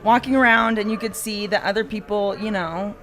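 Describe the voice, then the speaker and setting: A woman guest chatting casually on a live show, telling stories in an animated way. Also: medium pitch, fairly quick. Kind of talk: casual chat.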